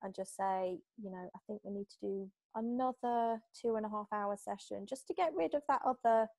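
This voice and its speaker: A British woman talks as a guest on an interview podcast about her therapy work. She chats along easily, slipping into little acted-out quotes of clients. Her voice sits mid-pitch and sounds close and dry, with no room around it. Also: normal speed, no room sound. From Britain. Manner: chatty, animated, acts out little quoted exchanges. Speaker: hypnotherapist guest. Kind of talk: casual interview talk.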